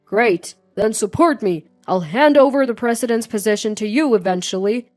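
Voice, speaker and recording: A woman voicing a scheming, arrogant middle-aged male executive who shouts and mocks. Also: on the high side, normal speed, soft background music, lightly acted. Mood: pleading. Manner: shouting and mocking.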